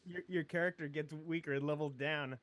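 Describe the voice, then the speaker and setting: A man co-hosting a podcast in casual chat. His voice sits a little high. He drops short, dry joking asides into the conversation. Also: fairly even intonation, quick pace, fairly bright tone. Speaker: podcast co-host.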